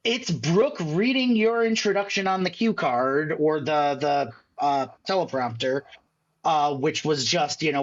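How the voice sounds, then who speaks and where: A man's voice: on the high side, a little slow, lo-fi sound. A man from the Chicago area, a guest magician telling stories in a casual podcast chat, acting out other people's lines as he goes. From Chicago area, USA.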